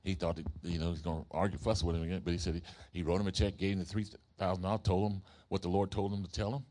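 Lower-voiced man preaching a story sermon. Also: rapid-fire. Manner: animated storytelling, questions to the congregation. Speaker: pastor.

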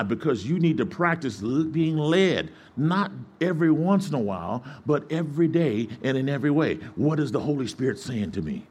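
A man preaching a sermon to his congregation, calling for responses and acting out the voices in his stories. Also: medium pitch. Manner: lively call-and-response preaching, acts out quoted voices. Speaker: pastor.

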